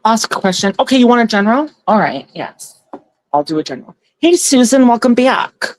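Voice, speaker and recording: A woman's voice: a little high, very animated, brisk. A woman hosting a casual tarot livestream on her phone, chatty and giggly, thanking viewers by name as she reads their comments. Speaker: tarot reader and livestream host.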